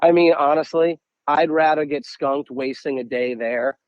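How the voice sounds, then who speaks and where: Animated young man telling fishing stories. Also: fairly high pitch, normal speed, clear, resonant tone, no echo, highs cut off. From United States. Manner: animated, acts out quotes, many repeated "I'm like". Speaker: podcast guest, angler. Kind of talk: casual storytelling.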